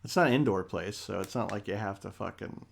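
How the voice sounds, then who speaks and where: A man's voice: lowish voice, a little fast, creaky. A man co-hosting a podcast in casual chat, rambling, joking and swearing freely. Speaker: podcast co-host.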